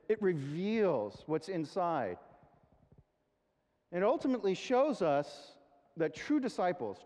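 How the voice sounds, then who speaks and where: A man preaching a sermon in an earnest, conversational way, with reflective pauses. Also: sits high, a little mellow. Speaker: pastor. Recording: long reverb of a large hall.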